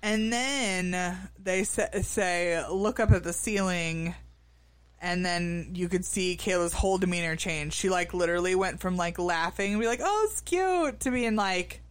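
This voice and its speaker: Unhurried co-host, hesitant, smooth clear voice, dry sound. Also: mid-range voice, fairly even intonation, no room sound. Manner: hesitant, many fillers and restarts. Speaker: podcast co-host. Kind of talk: casual recap chat.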